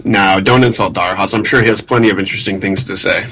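A man's voice: lowish voice, fairly even intonation, fast, pushed and bright. A man from Minnesota calling in to a casual radio chat, joking and laughing at himself. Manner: playful, laughing, self-mocking. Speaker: caller and guest.

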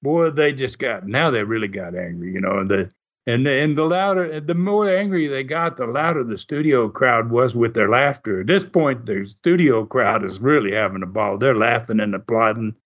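A man telling stories in a casual, animated way, laughing often and acting out what others said. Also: medium pitch, normal speed. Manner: animated, laughs often, acts out quoted voices. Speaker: guest recounting wrestling TV history. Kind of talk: casual storytelling. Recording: muffled lo-fi audio.

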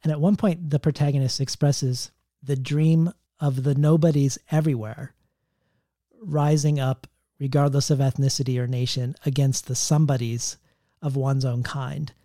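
A man interviewing an author, reading quotes from the book aloud and asking reflective questions in a measured way. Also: mid-range voice, steady tone, warm tone, dry recording, clean studio sound.

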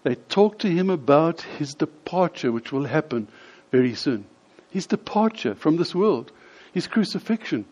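A man preaching a sermon, retelling a scripture scene vividly with dramatic pauses. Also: fairly high pitch, darkish tone. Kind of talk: storytelling sermon. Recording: slightly dull lo-fi sound.

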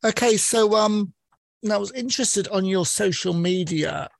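A man hosting a faith radio interview, asking measured questions and affirming his guest. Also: sits high, gravelly, no room sound. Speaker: radio host.

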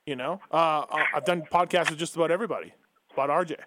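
A man's voice: on the high side, fast, background noise. A man hosting a podcast in easygoing casual chat, asking questions and saying "yeah" often. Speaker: podcast host.

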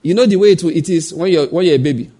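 A man's voice: on the high side, quick pace, dark tone, husky. A man preaching a sermon, asking the congregation rhetorical questions, acting out the voices in his stories and telling tales of his own family. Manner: acts out quoted voices. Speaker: pastor.

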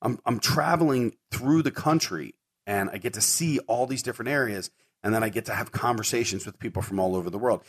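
A middle-aged man with a fairly low voice hosts his own show and tells a story in a loose, rambling way. He fills his talk with ums and repeated words. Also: brisk, breathy edge. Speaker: podcast host. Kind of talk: casual storytelling monologue.

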